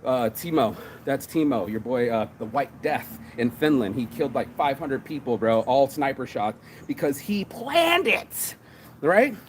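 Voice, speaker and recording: A middle-aged man hosting a morning motivation show, talking fast and profane, calling everyone "bro". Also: mid-range voice, slight background noise. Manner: profane, energetic, says "bro" a lot. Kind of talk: fired-up casual motivational rant.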